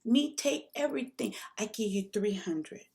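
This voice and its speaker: A man's voice: sits high, expressive, moderate pace, a little mellow. A woman voicing a friendly, eager male junk hauler who speaks broken English with a Spanish accent and Spanish words mixed in.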